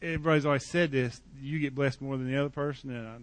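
A man's voice: mid-range voice, steady tone, fast talker, no room sound. Joking male pastor, dry sound. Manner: conversational, joking preaching with repeated "okay?". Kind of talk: sermon. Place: church.

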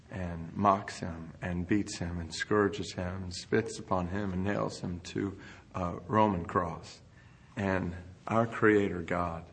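A man delivers a sermon in a low, husky voice. He speaks earnestly and builds intensity as he goes. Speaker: preacher.

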